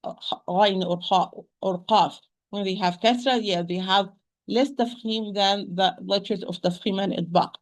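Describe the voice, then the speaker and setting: A woman's voice: medium pitch, steady tone. Woman teacher patiently modelling pronunciation. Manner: patient, repeats sounds slowly to model pronunciation; hesitant restarts, addresses listeners as sisters. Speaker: Quran recitation teacher. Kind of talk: online tajweed lesson. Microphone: home computer mic on a shaky internet connection.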